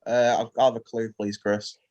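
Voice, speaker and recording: A man's voice: on the low side, flat delivery, normal speed, darkish tone. A man taking part as a contestant in a casual quiz, thinking aloud hesitantly before he answers.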